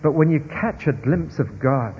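Expressive male preacher in a reverberant hall. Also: fairly high pitch, normal speed, breathy edge. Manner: expressive, swings between hushed and emphatic. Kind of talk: sermon. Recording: dull recording with long hall reverb.

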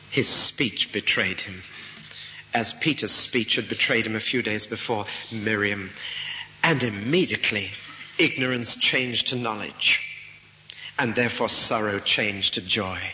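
Bright-toned preacher, lo-fi tape. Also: male voice, mid-range voice. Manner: reflective, with rhetorical questions. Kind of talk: expository sermon. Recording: dull lo-fi recording with faint hiss.

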